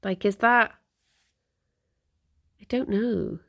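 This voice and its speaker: Woman, thirties, relaxed streamer, slow rambling chat. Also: medium pitch, creaky. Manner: rambling, chatty, talks to her pets. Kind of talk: casual chat. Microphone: desk microphone.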